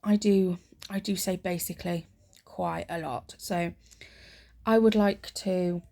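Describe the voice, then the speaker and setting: A woman talking softly and rambling through stories in a soft-spoken ASMR chat, close to the mic. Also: fairly low pitch, fairly even intonation, slow pace. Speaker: ASMR creator.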